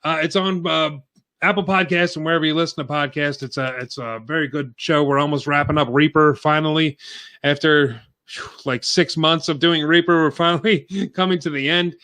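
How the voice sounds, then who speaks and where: Podcast host, male, bright higher voice, rambling casual delivery, slightly winded. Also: steady tone, fairly quick. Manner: rambling, filler-heavy plugging. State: out of breath.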